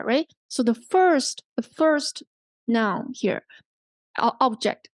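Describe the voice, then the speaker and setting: A woman with a Hong Kong English accent leads a language workshop, explaining patiently and repeating herself, with frequent "okay?" check-ins. Her voice sits fairly high. The sound is dry and close, with no room echo. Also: slow. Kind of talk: teaching workshop on intonation.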